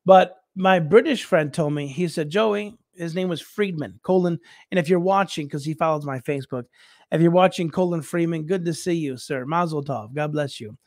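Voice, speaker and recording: A man with a somewhat raised pitch tells a lively anecdote, jumping into the voices of the friends he quotes and chuckling at his own punchline. The sound is dry and close, with no room echo. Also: moderate pace. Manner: animated, laughing, acts out quoted friends. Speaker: missionary guest. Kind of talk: casual storytelling on a talk show.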